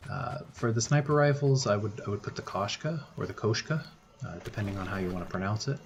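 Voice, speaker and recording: Low-voiced male gaming creator, laid-back voice-over commentary, faint hiss behind. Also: fast, muffled recording. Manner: relaxed, thinking aloud with frequent "uh" and restarts. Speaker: gaming YouTuber. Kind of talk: gameplay commentary.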